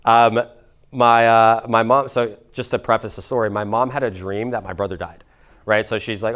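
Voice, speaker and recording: A man's voice: fairly low pitch, fairly even intonation, moderate pace, fairly bright tone, highs cut off. A man in his twenties telling a story at a seminar, casual and rambling, swearing now and then. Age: 20s. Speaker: motivational speaker.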